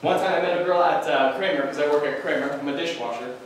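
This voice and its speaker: A young man performing a stand-up comedy set, telling animated stories and shouting out quoted lines. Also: a little high, quick pace, slight background noise. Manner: animated storytelling with loud acted-out quotes. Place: event hall with a live audience. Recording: distant echoey hall recording.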